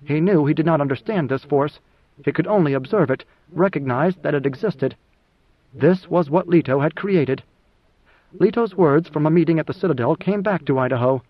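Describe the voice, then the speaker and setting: A man reads an audiobook in a measured, even storytelling manner. His voice sits high for a man, and the recording has a dull, lo-fi tone. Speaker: audiobook narrator. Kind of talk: scripted audiobook narration.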